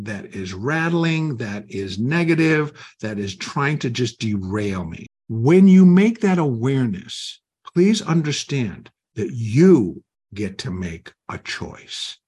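A man's voice: mid-range voice, breathy edge. An older man teaching trading, talking live and acting out inner voices. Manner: animated, acts out inner voices. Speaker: trading educator.

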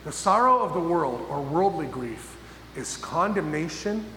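A man preaching a sermon as pastor, emphatic and full of pauses, often asking his listeners questions. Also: on the high side, expressive, pushed and bright. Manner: emphatic, pausing, asks the audience questions. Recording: echoey hall with faint noise.

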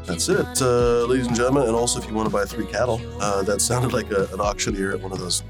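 A man's voice: lowish voice, fairly even intonation, quick pace, few pauses, over music. A man hosting a casual livestream, rambling with lots of fillers and casual swearing. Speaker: host. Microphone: desk mic on a live video call.

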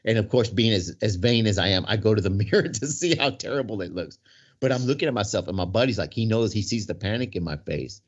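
Male storyteller with a low voice, loose and rambling, heard on dull lo-fi audio. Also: lively intonation, quick pace. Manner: rambling, full of "right?" and restarts. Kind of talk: casual storytelling in conversation. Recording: dull lo-fi sound.

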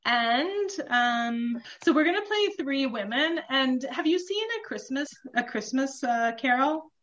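A chatty woman guest talks casually about her comedy writing, with a somewhat high voice and lots of fillers. The recording sounds slightly dull and muffled. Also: animated, unhurried, a bit bright, a little hiss or hum. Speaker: comedy book author, guest. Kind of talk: casual chat.

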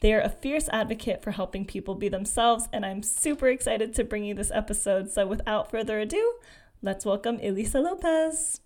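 A woman's voice: mid-range voice, animated, fairly quick, darkish tone. Upbeat woman hosting a podcast. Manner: upbeat, gushing, many fillers. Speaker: podcast host.

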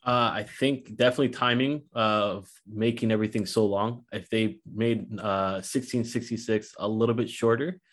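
Earnest man, fairly low voice. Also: fairly even intonation, moderate pace, few pauses. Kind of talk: casual chat.

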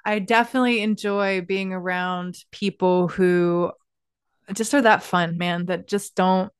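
A woman hosting a casual podcast interview, relaxed and encouraging, laughing often. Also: fairly low pitch, a little slow, clean tone, dry recording, studio quality. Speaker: podcast host. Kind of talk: casual chat.

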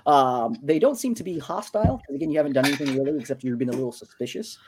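A man's voice: on the high side, lively intonation, rapid-fire, background noise. A man narrating as game master of a tabletop game, rambling with fillers and restarts.

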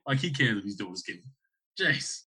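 Male podcast co-host, wisecracking sidekick, bright forward tone. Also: fairly low pitch, big pitch swings, a little fast, breathy edge. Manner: joking, laughing asides. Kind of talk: casual chat.

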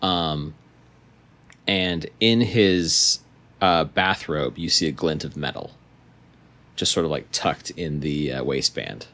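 A young man narrating a tabletop game as game master, slow and hesitant with many pauses. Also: very deep voice, sharp tone.

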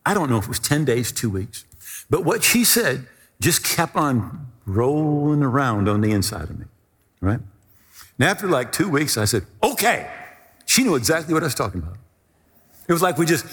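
Animated preaching man in a reverberant hall. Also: husky. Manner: animated storytelling, rises high for emphasis. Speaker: pastor. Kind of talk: sermon with personal story.

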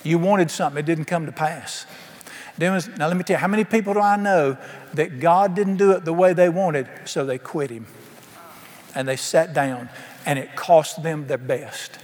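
A man's voice: on the high side, moderate pace, darkish tone. A man preaching a sermon emphatically, asking his congregation questions. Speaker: pastor. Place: church sanctuary. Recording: long hall reverb.

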